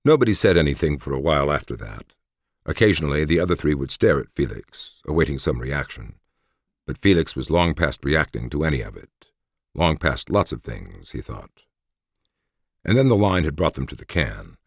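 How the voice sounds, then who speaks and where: A male audiobook narrator with an extremely deep, husky voice that still moves around expressively in pitch. His storytelling is measured, recorded close on a studio mic. The sound is dry, with no room in it. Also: big pitch swings, dry recording.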